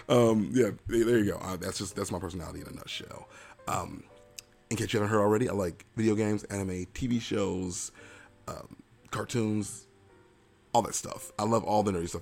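Gravelly, low-voiced young man rambling playfully. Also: darkish tone. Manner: rambling, self-mocking and playful. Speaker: podcast host. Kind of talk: casual solo podcast chat.

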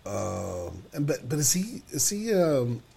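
Laid-back podcast co-host, a man with a gravelly voice who thinks aloud in easy chat. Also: mid-range voice, big pitch swings, slow pace, warm tone. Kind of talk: casual chat.

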